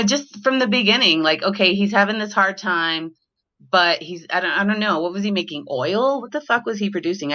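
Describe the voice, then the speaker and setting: A woman's voice: medium pitch, sharp tone. A woman guest on a podcast, chatting casually, exasperated and swearing freely as she rambles. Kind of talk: casual chat. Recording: dull lo-fi line.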